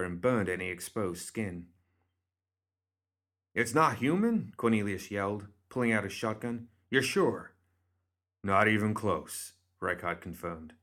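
A man reading a story aloud as audiobook narrator, in a steady, measured way. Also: low-pitched.

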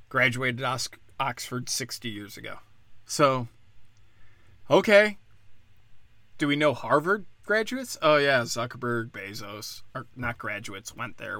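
A man's voice: medium pitch, creaky, sharp tone, dry recording. Male host from Pennsylvania, mid-range voice, combative solo rant, profane and sarcastic, dry close recording. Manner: sarcastic rhetorical questions.

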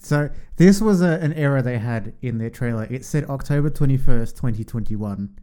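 Man with a smooth mellow voice. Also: mid-range voice, normal speed. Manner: matter-of-fact, points out details. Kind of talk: casual chat.

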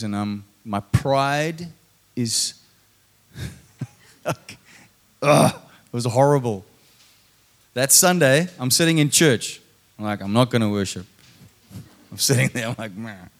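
A man in his thirties giving a sermon as personal testimony. His delivery is animated, with his voice rising and falling as he acts out his own thoughts and prayers. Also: medium pitch, unhurried, long pauses. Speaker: preacher.

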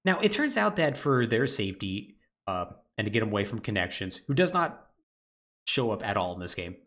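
A man hosting a casual podcast, his pitch bouncing freely as he walks through a plot. He keeps it informal, stacking filler words as he goes. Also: brisk. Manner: animated plot retelling with lots of "like" fillers. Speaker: podcast co-host.

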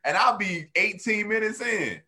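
A comedian and podcast co-host tells stories in casual chat, laughing often and acting out the people he quotes. His voice is high-pitched and moves at a normal speed.

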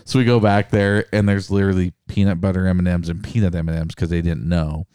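A man's voice: low-pitched, flat delivery, fast, dark tone, smooth, no echo, clean studio sound. A man co-hosting a podcast who tells stories animatedly, swearing and acting out quotes. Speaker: podcast co-host. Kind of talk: casual storytelling chat.

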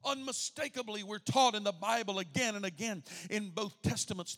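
Gravelly high-voiced preaching man. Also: moderate pace, few pauses. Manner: preaching with call-and-response, rising to shouts. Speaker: pastor. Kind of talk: sermon.

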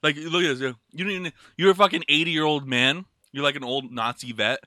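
A man's voice: fairly high pitch, fairly quick, bright, forceful tone, no echo, studio quality. A man co-hosting a podcast, chatting casually while tasting snacks, swearing and laughing through joking banter. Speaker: podcast co-host. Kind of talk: casual chat while taste-testing snacks. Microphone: studio microphone.

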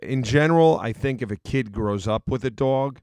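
A man's voice: mid-range voice, normal speed, darkish tone, smooth, no echo, clean studio sound. A middle-aged man co-hosting a casual talk show, earnest and storytelling, with many fillers. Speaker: podcast co-host. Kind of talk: casual chat.

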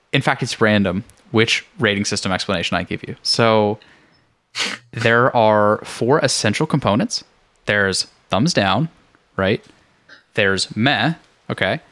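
A man's voice: on the low side, a bit bright. A young man hosting a casual game podcast, rambling with many fillers and frequent laughs. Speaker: podcast host. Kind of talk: casual chat.

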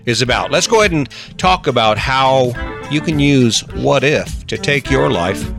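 A man's voice: medium pitch, expressive, normal speed, gravelly, over music. A man hosting a solo motivational podcast, talking earnestly and rambling, with many restarts as he acts out inner voices. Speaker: podcast host.

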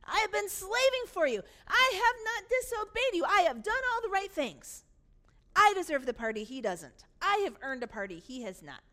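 A woman's voice: on the high side, big pitch swings, drawn-out words, long pauses, a bit bright, full character voice. A woman voicing a resentful, self-righteous older brother who complains insistently that he deserves more. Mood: indignant.

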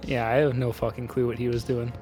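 A man with a mid-range voice co-hosts a podcast in a relaxed, dry tone. He swears casually and pauses on fillers while he thinks. Faint music plays under the talk. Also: mid-range voice. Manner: laid-back, dry, swearing, hesitant fillers. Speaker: podcast co-host. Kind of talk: casual movie review chat.

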